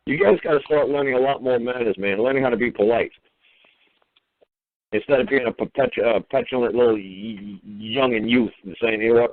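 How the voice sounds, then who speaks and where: A man's voice: medium pitch, fairly quick. A man hosting a call-in talk show, scolding a caller in a profane, sarcastic way. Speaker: host. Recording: phone-quality radio audio.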